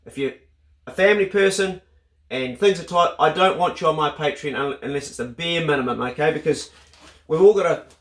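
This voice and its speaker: A New Zealand man vlogging casually, excitable and swearing freely as he unpacks a parcel. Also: a little high, reverberant. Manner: excitable, swears freely, bursts into loud exclamations. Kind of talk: casual vlog unboxing.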